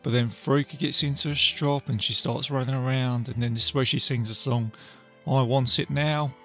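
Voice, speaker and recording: A man's voice: mid-range voice, steady tone, normal speed, bright, forceful tone, faint music behind. A man hosting a podcast, casually retelling a film plot in a rambling way with fillers and restarts. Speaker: podcast host.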